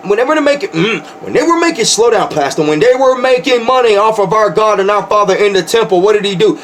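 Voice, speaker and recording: A man's voice: high voice, a little hiss or hum. A man preaching informally as a pastor, fervent and rambling, often repeating words when he gets worked up. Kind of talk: informal preaching to an online audience.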